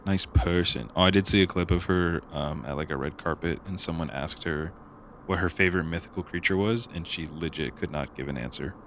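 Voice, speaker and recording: A man's voice: low voice, a little fast, a bit bright, slight background noise. A young man co-hosting a podcast, talking loosely with lots of fillers and slang in casual chat. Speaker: podcast co-host.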